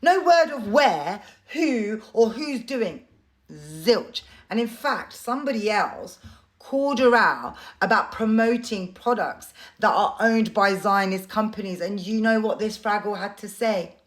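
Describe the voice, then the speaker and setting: A woman's voice: mid-range voice, lively intonation, a little slow. A woman telling a story-time vlog in a blunt, sarcastic way and swearing now and then. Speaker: content creator.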